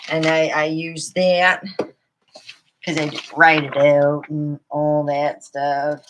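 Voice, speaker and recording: A middle-aged comedian tells rambling comic stories, chatty and meandering, with lots of fillers. Her low voice stays level and slow over a noisy background.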